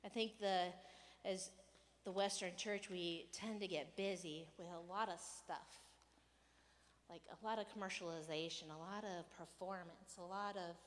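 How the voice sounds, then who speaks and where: A woman pastor giving a casual, conversational sermon, animated and playful, sometimes raising her voice to act out a rant. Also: on the low side, unhurried, big-room sound, a little hiss or hum. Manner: conversational, animated, acts out rants with raised voice. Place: church hall.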